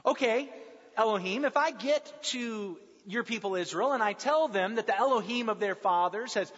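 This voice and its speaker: A man's voice: high-pitched, expressive, normal speed, a bit bright, breathy edge, heavily acted. A man preaching voices Moses as a doubtful man who stammers out his questions. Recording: dull recording with long hall reverb.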